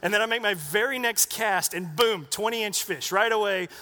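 This pastor is a middle-aged man with a high-pitched, sharp-toned voice at normal speed. He tells his congregation a chatty sermon story with asides and acted-out quotes, echoing in a church sanctuary.

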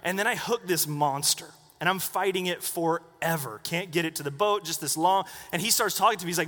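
A man's voice: high voice, brisk, pushed and bright. A middle-aged man preaching, telling a chatty story full of asides and acted-out quotes to his congregation. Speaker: pastor. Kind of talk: sermon story. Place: church sanctuary. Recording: long reverb of a church hall.

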